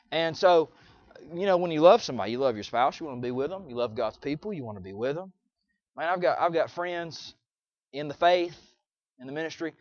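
A middle-aged man, a pastor, preaching in a conversational way, often restarting and swinging between quiet, soft passages and loud, emphatic ones. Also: a little high, dry recording, muffled recording. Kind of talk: sermon.

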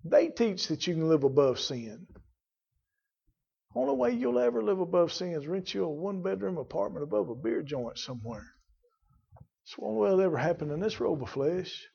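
A man preaching a sermon, fervent, rising to loud emphatic bursts. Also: sits high, animated, brisk, creaky, slightly rough, dull audio. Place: church.

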